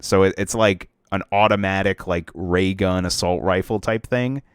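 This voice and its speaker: A man's voice: deep voice, fairly even intonation, moderate pace, clear, resonant tone, no room sound, studio quality. A young man co-hosting a casual podcast about video games, rambling with lots of fillers and restarts. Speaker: podcast co-host.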